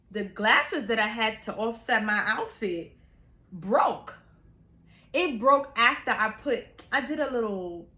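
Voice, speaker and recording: A young woman vlogger from New York, telling a storytime in a chatty, animated way with casual slang. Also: on the high side, reverberant.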